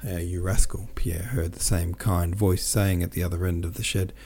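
A man reads a classic novel aloud as an audiobook narrator. His voice is low and mellow, and his delivery is steady and measured. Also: gravelly, husky. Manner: steady, measured reading with small self-corrections.

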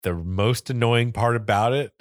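A man's voice: medium pitch, moderate pace, no echo, clean studio sound. A man from Florida with a Florida accent, co-hosting a podcast in casual, rambling chat and laughing often. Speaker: podcast co-host.

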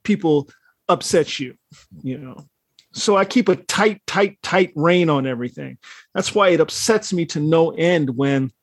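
A man in casual conversation, telling stories in a heated, animated way with plenty of swearing. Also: a little high, breathy edge, dry recording, studio quality. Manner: animated, profane, heated storytelling. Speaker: podcast co-host. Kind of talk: casual chat.

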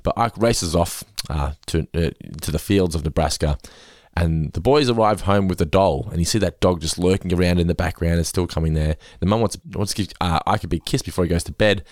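A man hosting a podcast, giggling often and slipping into animated impressions as he recaps an episode. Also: deep voice, a little fast, dry recording, clean studio sound. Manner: giggly, jumps into animated impressions when quoting. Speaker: podcast host. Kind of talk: casual recap chat.

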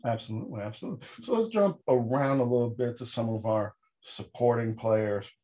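A man co-hosting a podcast, recapping a horror movie with sarcastic jokes. His voice sits mid-range, and he leaps suddenly upward in pitch when he lands a punchline. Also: a little fast. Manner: animated sarcastic storytelling with sudden pitch jumps. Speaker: podcast co-host. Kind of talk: casual comedic film review chat.

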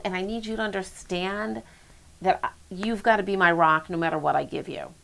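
A woman's voice: fairly low pitch, fairly even intonation, vocal fry, a bit bright. A woman who runs a children's center, giving emphatic parenting advice in a conversational way. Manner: emphatic, explanatory, quick bursts. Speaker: child development expert, center director.

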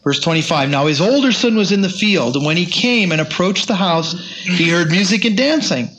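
A man's voice: sits high, lively intonation, fairly quick, fairly bright tone, slight background noise. A man teaching the Bible in a sermon, reading scripture aloud with rising emphasis.

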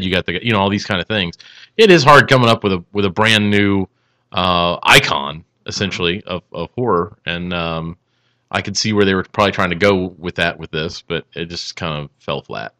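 Man, low pitch, bright edge, halting, filler-heavy, casual chat. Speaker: podcast guest who picked the film.

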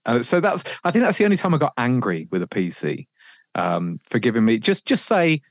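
A man, a radio presenter, telling career stories in a casual podcast chat, animated, swearing freely and laughing often. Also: medium pitch, a little fast, creaky, no room sound, clean studio sound.

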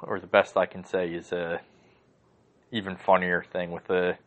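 A man's voice: low-pitched, flat delivery, moderate pace, a bit bright. A man hosting a podcast from home, ranting casually and heatedly, swearing often and rambling through lots of fillers. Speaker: podcast host. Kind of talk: casual rant.

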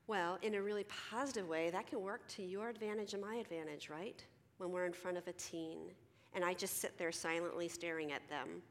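A middle-aged woman gives a conference talk as a counselor, chatty and animated, slipping into quoted voices of teenagers. Her voice sits fairly low, and a long reverb trails her words around a large hall. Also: fairly quick. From Philadelphia. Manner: animated, conversational, acts out teens and herself in quoted dialogue.

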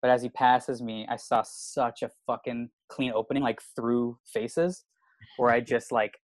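A man's voice: mid-range voice, fairly even intonation, measured pace, no room sound. A man, a comedian telling a long story in casual chat, rambling and swearing with constant filler words. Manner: rambling, profane, full of "like" fillers. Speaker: stand-up comedian.

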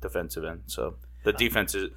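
Man, podcast co-host, casual sports talk, bright forceful voice, heated, swears a lot. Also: deep voice, brisk. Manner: heated, swears often, restarts sentences.

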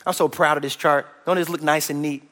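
A man preaching a lively sermon to his church, loud and energetic, repeating his points and joking with the congregation. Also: on the high side, fairly quick, in a large hall. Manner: folksy and playful, cracks jokes with the congregation. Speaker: pastor.

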